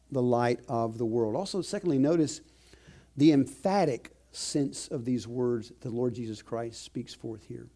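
A man preaching a sermon as pastor, slowing down and rising in pitch to stress key phrases. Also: mellow. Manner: emphatic, slows and rises to stress key phrases.

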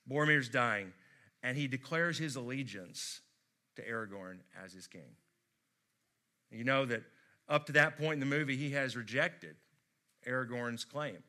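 An American man preaching a sermon, telling stories expressively and swinging from loud emphasis to hushed tones. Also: mid-range voice. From United States. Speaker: pastor.

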